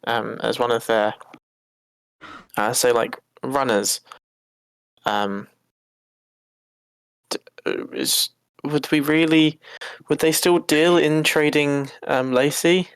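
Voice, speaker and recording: A man's voice: medium pitch, steady tone, slow, vocal fry, pauses often, fairly bright tone, clean tone, no room sound. A man playing a tabletop game, thinking aloud and weighing the group's options in casual talk. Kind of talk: casual chat about game strategy.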